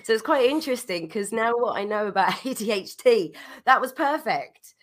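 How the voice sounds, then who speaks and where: A woman's voice: a little high, expressive, normal speed. A woman guest on a podcast telling a story, chatty and full of restarts and laughter, getting over a cold. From London, England. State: recovering from a cold. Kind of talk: casual storytelling.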